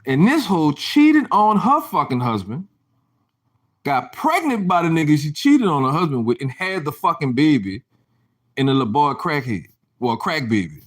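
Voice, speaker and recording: A man's voice: on the high side, big pitch swings, normal speed. A man hosting a casual livestream rant, telling profane, rambling stories with frequent restarts and mocking, laughing gossip. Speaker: livestream host.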